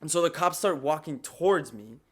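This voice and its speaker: A man's voice: fairly high pitch, lively intonation, normal speed, a bit bright, husky. Laid-back young man telling a story. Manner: laid-back, profane, laughs through his story, lots of "like" fillers. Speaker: podcast co-host. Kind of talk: casual storytelling chat.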